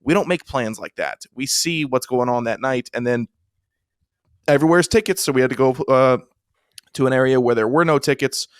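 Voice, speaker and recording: Young male co-host, mid-pitch, dry close recording, deadpan teasing banter. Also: moderate pace, clean tone, dry recording. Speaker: podcast co-host. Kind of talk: casual chat.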